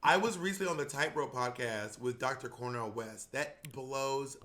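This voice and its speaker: A man co-hosting a podcast in casual chat, animated and laughing, often acting out voices. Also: medium pitch, normal speed. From not from New York. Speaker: podcast co-host.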